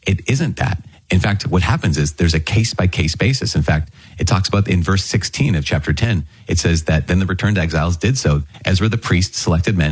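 A man teaches from scripture in an earnest, conversational sermon style. His voice sits very low with a husky edge. The recording is dry and close. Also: no room sound. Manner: earnest, conversational, repeats words and phrases. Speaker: preacher.

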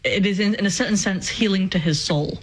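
A woman's voice: medium pitch, a little fast, poor audio. A woman co-hosting a casual commentary podcast, explaining her view in an earnest, thoughtful way. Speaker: podcast co-host.

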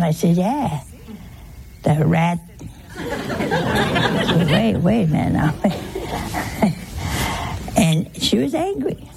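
A woman's voice: fairly low pitch, big pitch swings, slow, vocal fry, pauses often, a crowd in the background. A woman preaching a sermon in a conversational way, often asking her listeners questions and telling stories.

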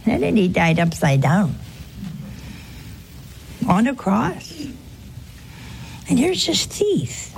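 A woman's voice: mid-range voice, huge pitch swings, slow, gravelly, long pauses, darkish tone, slight background noise. An older woman preaching a sermon, telling stories and acting out the voices in them, sometimes dropping to a whisper. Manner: storytelling with acted-out quotes and whispers. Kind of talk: sermon on a gospel parable.

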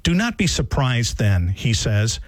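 A man reading a homily aloud in a measured, earnest liturgical style, lifting his pitch for emphasis. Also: very animated, no room sound. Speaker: reader.

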